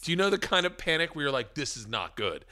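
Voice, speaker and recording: A man telling an animated story as a podcast guest, excitable and profane, often laughing and shouting. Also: a little high, fast talker. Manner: fathers children.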